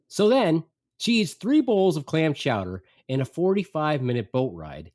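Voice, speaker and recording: Animated male storyteller, lively pitch. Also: moderate pace. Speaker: podcast host. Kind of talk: storytelling, casual chat.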